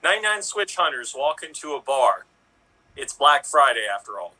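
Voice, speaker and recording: A man's voice: mid-range voice, big pitch swings, moderate pace, pushed and bright, breathy edge, rough recording. A man in an improv game delivering terse one-line jokes. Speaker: improv performer. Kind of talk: telling one-line joke setups.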